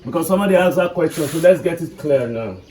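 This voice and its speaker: A man's voice: on the high side, lively intonation, quick pace, darkish tone. A man with a Nigerian accent teaching an English class, quizzing his students with questions. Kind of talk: classroom lesson. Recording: echoey classroom, mic far off, faint noise.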